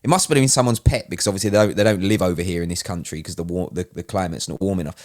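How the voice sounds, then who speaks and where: Excitable sweary man. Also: deep voice, racing. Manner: animated, heavy swearing. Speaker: podcast co-host. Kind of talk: casual chat.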